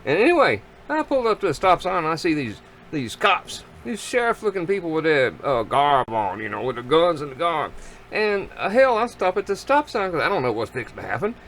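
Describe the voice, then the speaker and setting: Rambling man, lively pitch. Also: fairly quick, slight background noise. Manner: folksy, rambling, animated, drawling. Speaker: vlogger. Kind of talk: rambling storytelling to camera. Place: outdoors at a home grill.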